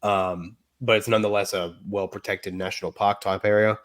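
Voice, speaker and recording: A man's voice: lowish voice, little pitch movement, brisk, a bit bright. A man with an Australian accent, a guest on a video call, telling stories in a chatty, rambling way. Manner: chatty storyteller, rambling with fillers. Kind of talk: casual interview chat.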